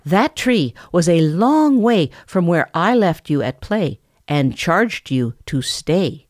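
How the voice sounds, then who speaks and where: A woman's voice: on the low side, big pitch swings, slow pace, darkish tone, no room sound, studio quality. A woman voicing a stern mother bear scolding her cubs firmly. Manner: firm, scolding.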